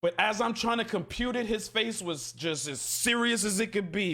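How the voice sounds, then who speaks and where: High-voiced gamer guy, bright tone, loose animated storyteller. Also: moderate pace, hardly any pauses. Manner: animated, slangy, acts out quotes. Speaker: game streamer. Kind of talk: casual storytelling while gaming.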